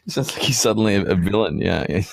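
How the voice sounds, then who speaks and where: Lively, teasing man. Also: fairly low pitch, fairly quick, gravelly. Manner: bantering, teasing. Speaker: podcast co-host. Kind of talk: casual chat.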